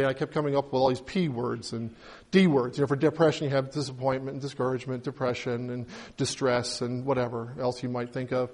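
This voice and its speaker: High-voiced man preaching conversationally. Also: a little mellow. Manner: conversational preaching, acts out little dialogues. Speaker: pastor. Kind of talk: sermon.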